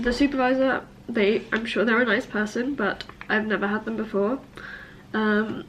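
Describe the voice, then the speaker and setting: A woman's voice: a little high, a bit bright, slight background noise. A young woman, a university student, venting tearfully in a personal vlog, sniffling and self-critical as she rambles. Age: young adult.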